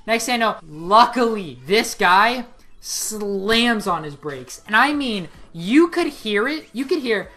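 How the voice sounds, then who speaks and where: A young woman in her late teens telling a story on her vlog, excitable and rambling, with lots of "like" fillers. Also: medium pitch, slow pace. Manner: excitable, rambling, heavy use of 'like'. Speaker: vlogger. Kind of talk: casual storytelling.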